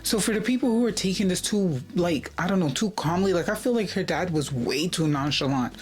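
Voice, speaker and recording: A woman's voice: fairly low pitch, expressive, a little fast, faint music behind. A woman hosting a reaction video, commenting with indignation and rhetorical questions.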